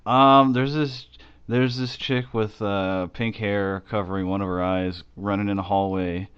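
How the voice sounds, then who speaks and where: A man with a lowish voice chats loosely on a podcast, swearing and circling back with filler words. The audio is dull and lo-fi. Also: fairly even intonation, a little slow, a bit bright, smooth. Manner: rambling, profane, frequent fillers and restarts. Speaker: podcast co-host. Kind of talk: casual chat.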